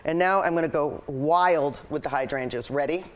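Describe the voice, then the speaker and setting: A woman's voice: low voice, normal speed, slight background noise. A woman hosting a live painting lesson, chatting eagerly and thinking aloud as she paints. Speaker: painting show host and art teacher.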